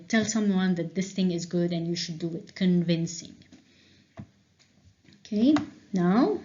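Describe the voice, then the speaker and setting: A woman teacher going through revision answers with a class, explaining slowly and checking in with frequent "okay?"s. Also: lowish voice, darkish tone. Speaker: English teacher. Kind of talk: revision lesson walkthrough. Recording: dull lo-fi recording.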